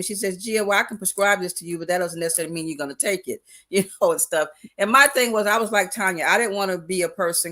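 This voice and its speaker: A retired older woman with a bright, forward voice, chatting easily and laughing as she tells her stories. Her talk is loose and lively, full of asides. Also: low voice. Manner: chatty, laughing, animated storytelling. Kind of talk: casual chat.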